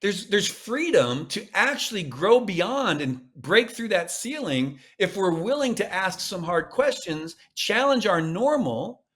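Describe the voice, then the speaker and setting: A man's voice: high voice, big pitch swings, measured pace, hardly any pauses, fairly bright tone. A man speaking as a podcast guest, coaching with emphatic, repeated phrases. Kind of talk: podcast interview.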